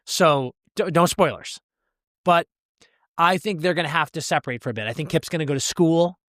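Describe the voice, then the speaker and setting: A man's voice: on the high side, moderate pace, a bit bright, dry recording, clean studio sound. A man hosting a podcast in casual chat, emphatic and swearing, talking to his listeners. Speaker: podcast host.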